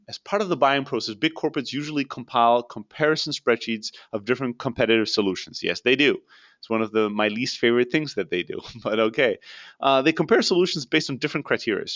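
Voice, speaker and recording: Blunt animated man coaching sales. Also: mid-range voice, dull audio. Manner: blunt, animated, swears casually. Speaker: sales coach answering questions. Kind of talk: live Q&A teaching, casual.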